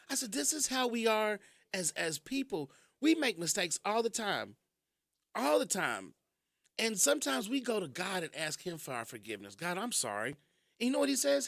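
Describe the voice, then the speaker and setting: A man's voice: high-pitched, creaky, no room sound, studio quality. A man from Kentucky hosting a live radio show, telling stories casually and laughing often. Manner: animated storytelling, laughs often. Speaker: radio host. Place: radio studio. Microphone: studio mic.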